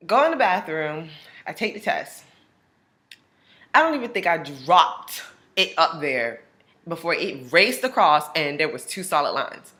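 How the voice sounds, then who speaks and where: A young woman talks straight to her camera, telling a personal story in a relaxed, chatty way. Her voice is bright and swoops widely in pitch as she acts out what her friends said. It sits a little low for a woman. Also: unhurried, pauses often. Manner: animated, acts out friends' lines with big pitch jumps. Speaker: vlogger. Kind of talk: casual storytelling.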